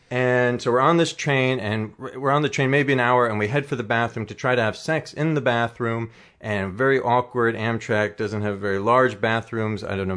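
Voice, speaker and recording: A man's voice: medium pitch, a bit bright. A man in a mid-range voice tells a comic personal anecdote. He rambles, doubles back and mocks himself, chuckling along the way. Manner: rambling, self-mocking, laughs through his telling. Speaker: storyteller.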